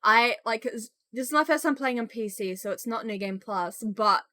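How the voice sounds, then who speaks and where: A young woman live-streaming a game, chatting loudly and excitedly with her viewers. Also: on the high side, normal speed, dry recording. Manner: excitable, loud, bursts into squeals greeting chat. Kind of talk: casual live-stream chat while gaming.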